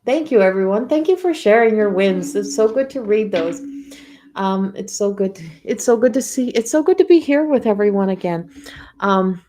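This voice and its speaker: A woman's voice: mid-range voice, expressive, moderate pace, warm tone. A middle-aged woman from Newfoundland with a Newfoundland accent, a psychic medium chatting casually on a livestream with many restarts. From Newfoundland, Canada. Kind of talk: casual rambling livestream talk.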